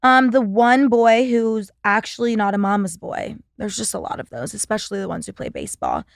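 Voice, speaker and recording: A woman's voice: medium pitch, a little fast, creaky, dry recording, studio quality. Sarcastic, profane young woman podcaster. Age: young adult. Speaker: podcast host. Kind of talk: casual podcast monologue.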